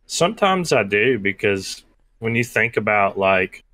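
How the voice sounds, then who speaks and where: A man in his twenties co-hosts a podcast, answering in a slightly low, bright voice. He talks hesitantly, with plenty of fillers. The recording is dry and close. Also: very animated, unhurried, no echo. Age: 20s. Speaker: podcast co-host. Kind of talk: casual podcast chat.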